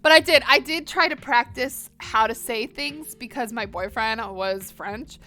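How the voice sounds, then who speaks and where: A woman in her twenties from the northern United States, with an American accent, chats casually and animatedly with live stream viewers while she colors. Her voice is on the high side and sharp in tone, and she speaks a little slowly.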